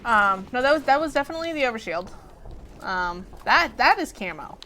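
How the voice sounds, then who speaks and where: A woman's voice: on the high side, very animated, brisk, sharp tone, a little hiss or hum. A woman hosting a gameplay stream, playful and chatty while she plays and reads the chat. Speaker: stream host.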